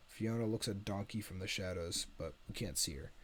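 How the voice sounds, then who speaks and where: A man's voice: lowish voice, moderate pace, few pauses. A man streaming himself reading a film script's stage directions aloud, stumbling and correcting himself.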